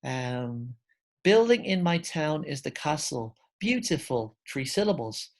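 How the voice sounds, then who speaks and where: A man's voice: fairly high pitch, unhurried. Guy teaching an english grammar lesson online, laid back, lots of ums, talks to viewers like mates. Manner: relaxed, explains step by step with fillers; addresses viewers as guys.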